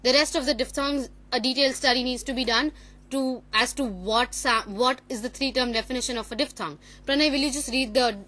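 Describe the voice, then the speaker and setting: A woman's voice: high voice, brisk, bright, forceful tone. A woman giving a classroom presentation on phonetics, explaining step by step and correcting herself as she goes. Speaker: student presenter.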